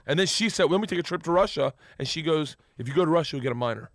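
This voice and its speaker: A man from Florida spins a rambling, profane story in loose conversation, laughing as he goes and tripping over restarts. His voice sits a touch high, and the sound is close and dry with no room echo. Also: animated, racing. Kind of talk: casual storytelling chat.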